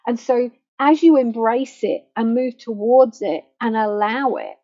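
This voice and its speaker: A woman counselling on grief in a gentle, slow, reassuring way that softens to a near hush. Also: a little high. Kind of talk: guided self-help talk. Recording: dull lo-fi faulty microphone.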